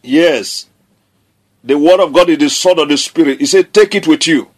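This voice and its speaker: Male preacher, fairly high voice, emphatic declarations, sermon delivery. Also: moderate pace, breathy edge. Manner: emphatic, declaring scripture with repetition.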